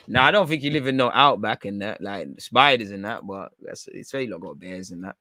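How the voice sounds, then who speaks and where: Excitable man calling a football match live. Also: fairly low pitch, fairly quick, few pauses, no room sound, studio quality. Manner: excitable, slangy banter with bursts of shouting at big chances. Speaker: football watchalong streamer. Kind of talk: live match reaction commentary.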